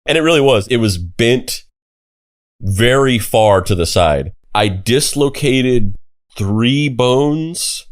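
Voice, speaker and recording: A man's voice: medium pitch, lively intonation, takes it slowly. A young man co-hosting a podcast, telling a story casually with lots of "like" and the odd swear. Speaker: podcast co-host. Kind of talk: casual chat.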